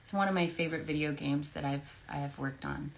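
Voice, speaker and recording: A woman with a slightly low voice chats through a live Q&A as she signs autographs. She is effusive and talkative, and she thinks out loud between questions. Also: a little fast, vocal fry. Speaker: voice actress at an autograph signing. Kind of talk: casual livestream Q&A chat.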